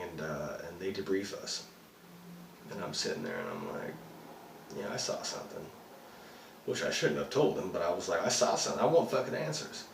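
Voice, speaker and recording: A man's voice: low voice, vocal fry, sharp tone, full character voice. An actor playing a rattled male astronaut who rambles and swears as he recounts a UFO sighting. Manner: rambling, profane, full of fillers. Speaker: actor performing a monologue. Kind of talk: dramatic monologue. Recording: roomy, distant mic, faint noise.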